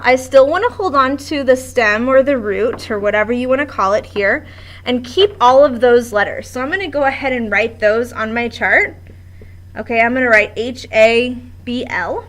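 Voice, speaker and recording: A woman's voice: fairly high pitch, a bit bright. A woman teaching a Spanish grammar lesson at a board in a classroom, explaining step by step with patience.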